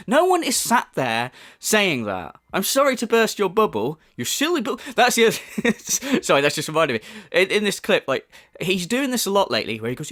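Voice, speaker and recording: A man's voice: high voice, huge pitch swings, moderate pace, fairly bright tone. Scornful man ranting. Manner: scornful, swears heavily, mocking. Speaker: commentary YouTuber. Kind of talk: profane rant commentary.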